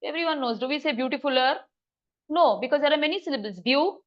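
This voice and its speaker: A woman teaching a grammar lesson in a classroom, brisk and coaxing as she quizzes students. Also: high-pitched, expressive, dull audio.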